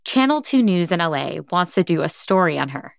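A woman host narrates in a calm, measured way, with a somewhat low voice. The sound is dry and close, with no room echo. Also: creaky. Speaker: podcast host. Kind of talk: scripted narration.

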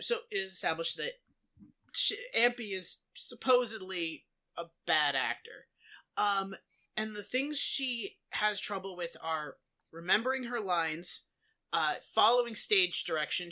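Bright-voiced woman co-hosting a chat podcast. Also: lowish voice, lively intonation, a little slow. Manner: casual, swearing, asks guest questions. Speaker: podcast co-host. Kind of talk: casual chat.

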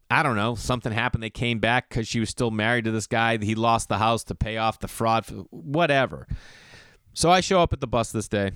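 A man in his thirties telling a long story in a casual, rambling way, full of slang and sudden high-pitched mock voices. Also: clean tone, no echo, studio quality. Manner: animated, slangy, jumps into mocking high voices when quoting.

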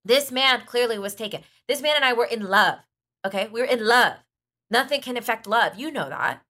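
A woman's voice: on the high side, lively intonation, normal speed, sharp tone. A woman playing a clueless, self-centered podcast host who rambles with lots of fillers in an improvised comedy podcast. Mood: rambling. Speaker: podcast host playing a true crime dummy.

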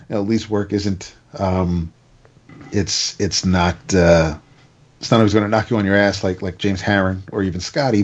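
A man's voice: low voice, breathy edge, lo-fi sound. A man casually reviewing a comic, recapping the plot in a rambling way with stammered restarts.

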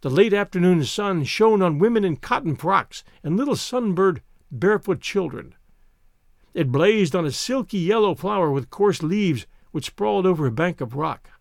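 A man narrates a story in a measured, expressive reading voice. His pitch sits high and moves freely, and the recording is close and dry with no room sound. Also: gravelly, no room sound.

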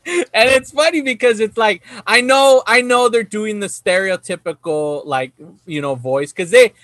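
A man's voice: high voice, a little slow, fairly bright tone, dry recording. A man hosting a casual podcast chat, rambling and cursing freely while telling stories. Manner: profane, rambling storytelling. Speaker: podcast host.

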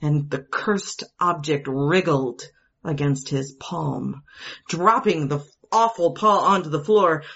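A woman reading a suspenseful story aloud in a measured, hushed way, adding her own asides. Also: deep voice, slightly rough, highs cut off.

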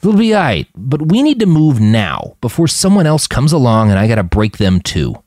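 A man's voice: mid-range voice, huge pitch swings, moderate pace, darkish tone, dry recording, studio quality, pitched above the performer's own voice. A man voicing a blunt, matter-of-fact male killer in a storybook reading. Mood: brisk.

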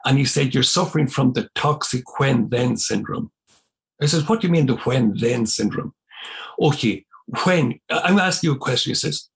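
An older Irish man, a priest, telling a long personal story in conversation, animated and rising in pitch when he quotes himself. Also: moderate pace, gravelly. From Ireland.

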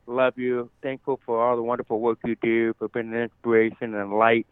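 A medium-pitched American man with a deaf accent talks fairly quickly in a monotone, his voice smooth and without echo. As a podcast guest in a casual interview, he is earnest, effusive and grateful, and the line sounds tinny and phone-like, with a dry recording.

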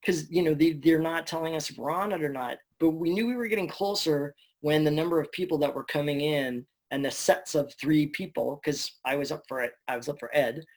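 A man, a voice actor, telling stories in a casual interview, chatty and animated, swearing now and then. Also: fairly high pitch, brisk, few pauses. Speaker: voice actor guest.

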